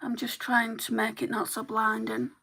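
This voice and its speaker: A woman's voice: on the high side, completely flat delivery, normal speed, gravelly, pushed and bright, slightly rough. A woman chatting candidly to the camera while doing her makeup, telling stories with a chatty, open manner. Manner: chatty, candid storytelling with laughs.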